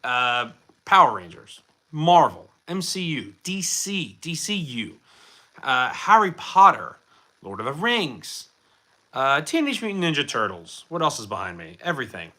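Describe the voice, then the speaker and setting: A man hosts a casual stream, chatting with viewers in a rambling, filler-laden, self-mocking style. He speaks a little slowly at a medium pitch, with a sing-song lilt and a sharp tone.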